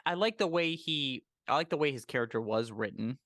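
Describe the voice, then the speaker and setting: A man hosting a casual movie chat, animated and emphatic, quick to laugh. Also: mid-range voice, dry recording, clean studio sound. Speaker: podcast host.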